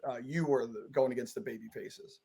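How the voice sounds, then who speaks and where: A man's voice: medium pitch, fairly even intonation, brisk, vocal fry, mellow, slightly rough. A man hosting a casual interview, encouraging his guest with frequent short affirmations. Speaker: podcast host.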